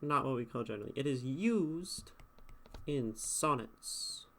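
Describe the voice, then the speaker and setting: A man's voice: medium pitch, lively intonation, unhurried, creaky, a bit bright. A man streaming live, talking through a poem's meter in a casual, thinking-aloud way and sounding out rhythms. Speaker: streamer critiquing poetry.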